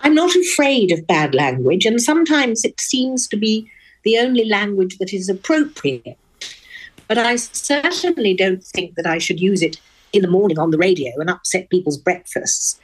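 An older Englishwoman with a posh Oxford accent, a guest in a radio interview, speaking frankly and wittily with crisp diction. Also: medium pitch, lively intonation, normal speed. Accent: upper-class English (Oxford). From England.

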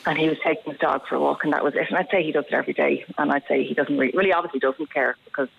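Low-voiced Irish woman telling a story by phone. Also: racing, vocal fry, husky. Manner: animated storytelling, laughs often. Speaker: caller. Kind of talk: phone-in radio chat. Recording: muffled phone-in line on radio.

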